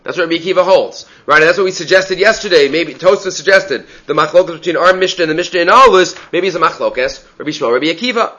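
A man with a fairly high, bright, forceful voice leads a Talmud lesson. He explains each point in turn and keeps asking "right?" as he goes. The recording sounds dull and lo-fi. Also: quick pace, hardly any pauses. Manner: explanatory, asks rhetorical "right?" often, mixes Aramaic terms. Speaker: Talmud teacher. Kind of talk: Talmud lecture.

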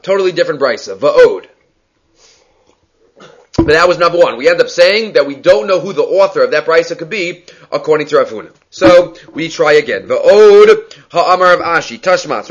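A man's voice: a little high, fairly bright tone. A man teaching a Talmud lecture, explaining step by step and mixing Hebrew and Aramaic terms into English. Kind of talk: daf yomi Talmud lecture. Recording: dull lo-fi audio.

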